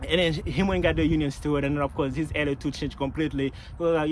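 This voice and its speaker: A man's voice: on the high side, racing, hardly any pauses, slight background noise, poor audio. A man telling work stories in a casual venting vlog, full of swearing and repeated phrases. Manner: profane, repetitive, animated storytelling. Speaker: vlogger, package handler.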